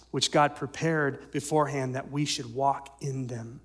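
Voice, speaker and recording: A male pastor giving a sermon, swinging from loud emphatic lines to soft near-whispers and asking the congregation questions. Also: mid-range voice, fairly even intonation, a little slow, few pauses. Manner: asks the congregation rhetorical questions.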